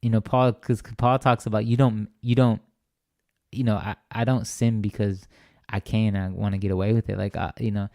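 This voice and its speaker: Telling his personal faith story as a guest, the young man comes across as earnest and rambling, full of restarts and "right?" tags. He speaks at a normal pace with a fairly low, mellow, creaky voice and level tone. The studio sound is clean, with no room sound.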